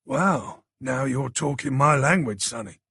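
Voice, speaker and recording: A man's voice: medium pitch, animated, measured pace, vocal fry, fairly bright tone, slightly rough, no room sound, clean studio sound, exaggerated voice. A man reading an audiobook plays a laid-back middle-aged man, bemused by technology.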